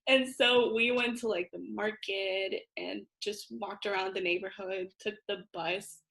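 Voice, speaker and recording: A woman's voice: medium pitch, fairly even intonation, measured pace, gravelly, fairly bright tone. A young woman from Paraguay, a guest in a casual chat, chatty, filling her talk with little fillers and laughing often.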